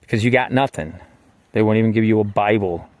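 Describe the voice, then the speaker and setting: In a dry recording, a fast-talking man with a lowish voice casually recounts his time in jail. He rambles and swears, full of "like" and "you know," wry throughout and swinging between quiet asides and heated outbursts.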